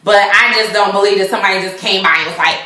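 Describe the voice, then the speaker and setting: A woman's voice: medium pitch, fairly even intonation, fast talker, pushed and bright, roomy sound. Chatty, indignant woman vlogger. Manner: chatty, indignant, many fillers and restarts. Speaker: vlogger reviewing a reality show. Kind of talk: casual opinionated recap.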